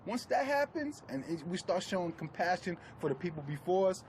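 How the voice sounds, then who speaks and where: A man chatting loosely in an interview, voice sitting a touch high for a man. He talks casual and easy. A faint hiss of noise sits behind him. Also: big pitch swings, brisk, a little mellow. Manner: loose, laughing, acts out quotes.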